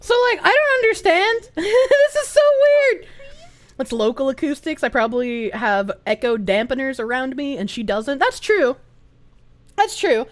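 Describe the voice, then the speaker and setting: A woman's voice: sits high, very animated, normal speed. A woman streamer reacting to a clip in casual chat, giggling and swearing freely. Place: room with echo dampeners.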